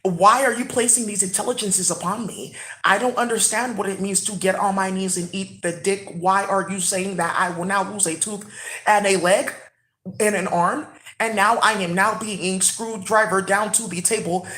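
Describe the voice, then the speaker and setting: A bewildered otherworldly being speaks in stiff, formal sentences, puzzled at everything around it, as a woman puts it on in her own voice. The pitch sits in a middle range for a woman. The questions come flat and careful. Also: normal speed, echoey room, lightly acted.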